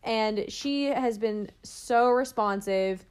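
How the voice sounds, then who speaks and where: A woman's voice: a little high, takes it slowly, darkish tone, clear, resonant tone. A young woman co-hosting a podcast, chatting casually and telling stories with lots of "like". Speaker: podcast co-host. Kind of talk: casual chat.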